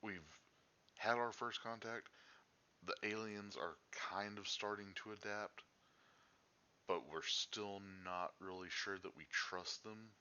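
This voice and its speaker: A man with a very deep yet sharp, forceful voice talks casually on a podcast. He thinks aloud and hesitates with fillers. His dull, lo-fi mic muffles the top end. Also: fairly even intonation, slow pace, smooth. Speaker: podcast co-host. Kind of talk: casual chat.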